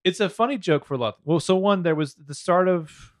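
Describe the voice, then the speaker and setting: A man's voice: sits high, a little fast, no room sound, clean studio sound. A man co-hosting a podcast, recapping a TV episode in rambling casual chat. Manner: animated, rambling. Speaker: podcast co-host recapping a TV show.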